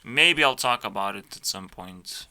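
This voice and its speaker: Slow, profane ranting man. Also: on the low side, expressive, bright, forceful tone, clear, resonant tone. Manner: blunt, profane, full of fillers and restarts. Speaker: youtuber reacting to videos. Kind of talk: casual ranting commentary.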